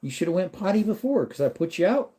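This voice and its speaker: A man's voice: high voice, very animated, fast, warm tone. Man chatting on a casual livestream. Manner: rambling, talks to chat and to his dog. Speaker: livestream host. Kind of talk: casual livestream chat with viewers.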